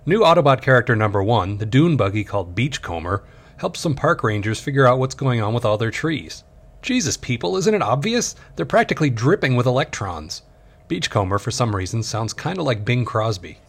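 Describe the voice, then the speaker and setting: A man in his thirties narrating a sarcastic comedy review of an old cartoon, with deadpan asides. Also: mid-range voice, fairly quick, slightly rough.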